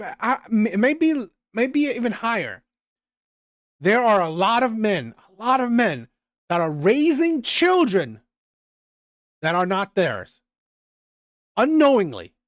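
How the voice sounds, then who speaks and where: Male commentator, emphatic, repeats himself, lively intonation, dry close mic. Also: high voice, dry recording. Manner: emphatic, repetitive, restarts sentences. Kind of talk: reaction commentary.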